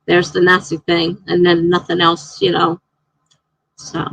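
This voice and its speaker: A woman's voice: lowish voice, monotone, a little slow, vocal fry, a bit bright, husky, dry recording, low-quality recording. A woman hosting a casual writing livestream. She chats, laughs often, thinks aloud and reads viewer comments out.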